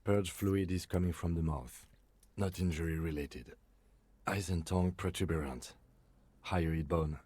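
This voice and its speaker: An actor voicing a calm, methodical male police lieutenant in a game, speaking in a dry, clinical, composed way. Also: low-pitched, unhurried, breathy edge, no echo. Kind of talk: game voice acting.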